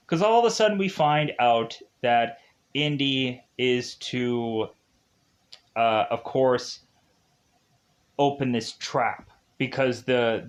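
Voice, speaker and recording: Slow-talking, rambling man reviewing a film. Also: on the high side. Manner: rambling, filler-heavy, chuckles at his own jokes.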